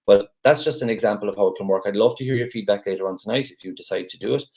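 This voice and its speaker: Gravelly low-voiced man on a video call. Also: rapid-fire, a little mellow. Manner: rambling and chatty with frequent restarts. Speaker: gratitude group leader. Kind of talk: casual talk on a live video call.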